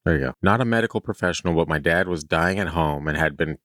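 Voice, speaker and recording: A man co-hosting a podcast, reading listener stories aloud and joking around in casual chat, swearing and slipping into quick voices for bits. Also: deep voice, fairly bright tone, no echo, studio quality. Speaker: podcast co-host.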